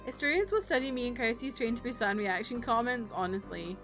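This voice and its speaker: A woman's voice: a little high, brisk, music in the background. A young woman streamer chatting casually and sarcastically while she plays, ranting with frequent laughs. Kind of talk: casual live-stream chat while gaming.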